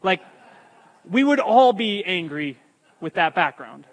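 A man preaches with a high, emphatic voice, turning to the congregation now and then with a joking aside. His words ring out with a long reverb, as if he is in a big church hall. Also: big pitch swings, slow. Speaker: pastor. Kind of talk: sermon.

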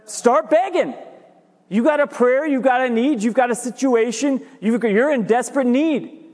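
A man preaching a sermon as pastor, animated and jokey, repeating his points for emphasis. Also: extremely high pitch, normal speed. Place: church sanctuary. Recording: reverberant church hall.

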